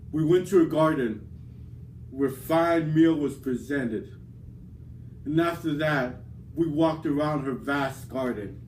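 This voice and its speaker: Slow, boastful man cutting a wrestling promo. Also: fairly high pitch, darkish tone, slight background noise. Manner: boastful, drawn-out dramatic delivery.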